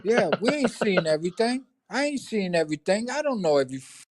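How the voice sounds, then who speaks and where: A man's voice: high-pitched, sing-song, brisk, no echo. An older man from New York with a New York accent, telling stories in casual profane chat on a livestream. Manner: profane, storytelling, street talk. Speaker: livestream co-host.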